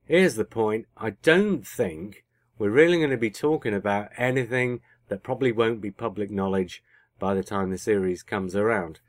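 A man with a fairly low voice co-hosts a podcast at a moderate pace, chatting casually, teasing, and repeatedly correcting himself mid-sentence. The recording has no echo.

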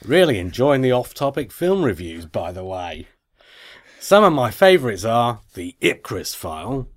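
A man's voice: medium pitch, very animated, unhurried. A man putting on a broad, exaggerated Australian voice to read a listener's email. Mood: mock. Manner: exaggerated, wobbly put-on accent.

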